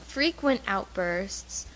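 Sex: woman. Pitch: average. Role: caregiver co-host. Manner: earnest, quick to laugh. Style: casual talk. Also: expressive, fairly bright tone, slight background noise, low-quality recording. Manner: earnest, laughs easily at hard moments. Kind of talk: casual conversational chat.

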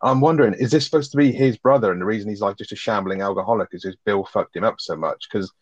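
A man co-hosting a casual film review podcast, blunt and profane with quick asides. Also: on the low side, dry recording. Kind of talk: casual sweary film chat. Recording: dry, dull lo-fi sound.

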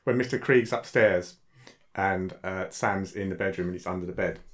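Lower-voiced man explaining things. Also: moderate pace. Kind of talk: casual chat.

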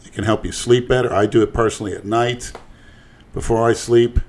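A man co-hosting a crude, casual podcast chat, blunt and boastful, jumping louder when he stresses a point. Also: medium pitch, steady tone, brisk. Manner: blunt, boastful, swings loud on emphasis. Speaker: podcast co-host.

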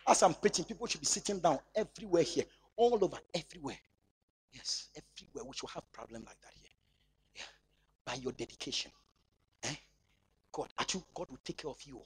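A man preaching a sermon in church, swinging between shouting and near-whispering. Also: high voice, lively intonation, brisk, long pauses, slightly rough. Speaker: pastor.

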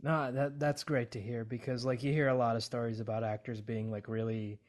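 A man hosting a casual chat, speaking softly and hesitantly with many fillers. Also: mid-range voice, little pitch movement, fairly quick.

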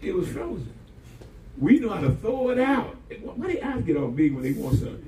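A male pastor preaches with a lively, swooping delivery, folding humor and homespun stories into his sermon and calling on the congregation to answer. He is heard from some distance in a roomy, echoing space, with steady noise behind him. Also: on the high side, quick pace. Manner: animated storytelling with humor and call-and-response; folksy, uses "y'all". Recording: echoey room, voice from a distance, audible background noise.

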